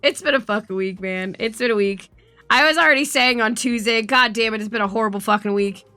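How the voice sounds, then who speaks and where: A young woman streamer in casual chat, swearing often and rambling through animated stories. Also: fairly high pitch, brisk, no echo, faint music behind.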